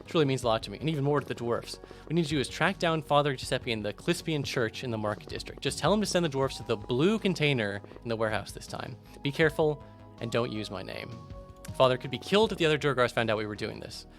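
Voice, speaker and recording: A man voicing a gentle, downtrodden male alien shopkeeper in a game, talking softly and sadly. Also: medium pitch, animated, fast talker, soft background music, lightly acted. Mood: urgent.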